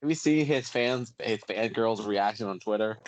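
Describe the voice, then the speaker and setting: A man's voice: fairly low pitch, moderate pace, a little hiss or hum, low-quality recording. A man co-hosting a casual fan podcast, dropping short teasing remarks and questions. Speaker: podcast co-host. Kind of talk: casual chat.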